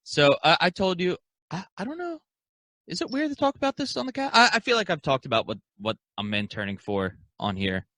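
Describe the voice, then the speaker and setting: Young male co-host, bright tone, dry close sound, easygoing and rambling. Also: fairly high pitch, sing-song, fairly quick, no echo. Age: young adult. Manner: rambling and laid-back, with lots of filler and laughs. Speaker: podcast co-host. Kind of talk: casual chat.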